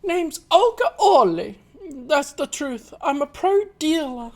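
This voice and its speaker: A man voicing a sly young woman card sharp who first puts on a Russian accent, in a cocky, theatrical manner. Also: very high-pitched, big pitch swings, slow pace, voice pushed up, exaggerated voice. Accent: put-on Russian. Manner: cocky, theatrical, sing-song.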